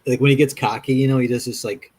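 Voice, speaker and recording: A man chatting casually as a show host, rambling through animated stories with frequent laughs. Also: mid-range voice, quick pace, background noise. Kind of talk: casual chat.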